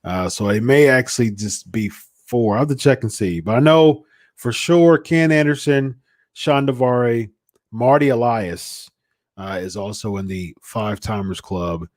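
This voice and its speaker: A man's voice: medium pitch, measured pace, no echo, clean studio sound. A man hosting a live podcast, chatting casually and chuckling, often repeating himself. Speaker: podcast host. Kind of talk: casual live-stream chat.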